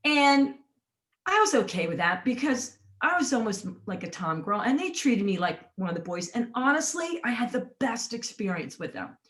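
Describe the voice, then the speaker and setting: A woman in her forties, an author telling a lively story in conversation and acting out the people in it. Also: fairly high pitch, moderate pace. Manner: animated storyteller, acts out quotes with big jumps. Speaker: author guest.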